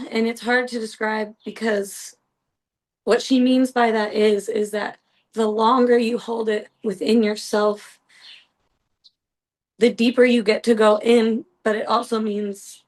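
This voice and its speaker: A woman's voice: fairly high pitch, poor audio. A woman hosting a podcast, telling a personal story in a casual, earnest and rambling way, full of "like" and "you know". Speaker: podcast host.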